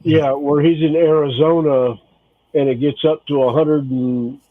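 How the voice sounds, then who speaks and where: A man's voice: a little high, fairly even intonation, unhurried. Laid-back man on a dull mic. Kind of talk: casual chat.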